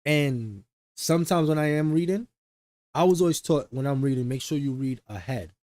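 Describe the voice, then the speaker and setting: Young streamer guy rambling in slang to chat, bit high voice, dry close sound. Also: expressive, normal speed, a little mellow, no room sound. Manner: rambling, slangy, self-mocking. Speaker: streamer reacting to a video. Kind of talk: casual chat to stream viewers.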